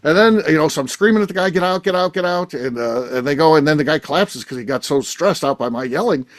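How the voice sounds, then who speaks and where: A middle-aged man hosting a podcast, telling a rambling story in casual chat, animated and swearing freely. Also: fairly high pitch, fast. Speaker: podcast host.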